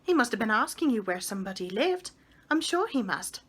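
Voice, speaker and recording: A woman voicing an eager, cheeky young boy who talks in an excited, pleading, insistent way. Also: a little high, brisk, slightly rough, full character voice.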